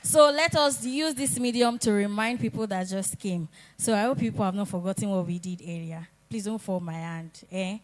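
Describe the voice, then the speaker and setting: A woman's voice: medium pitch, normal speed, hardly any pauses. A woman hosting an event, rallying the audience. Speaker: event host.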